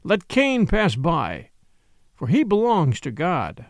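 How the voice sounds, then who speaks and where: A man voicing a small, earnest older priest who speaks gravely and pleads intensely. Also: fairly high pitch, huge pitch swings, takes it slowly, dry recording, clean studio sound, full character voice.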